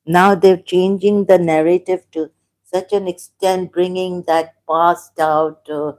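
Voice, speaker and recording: A woman from Pakistan hosting a livestream, reading viewer comments and reacting with halting speech, many fillers and restarts, and shocked exclamations. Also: on the low side, fairly even intonation, darkish tone. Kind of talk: casual livestream talk.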